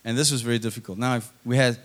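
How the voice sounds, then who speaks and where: A man's voice: mid-range voice, fairly even intonation, rapid-fire, a bit bright. A man, likely in his thirties, preaching a sermon and telling a personal story, acting out his own inner dialogue.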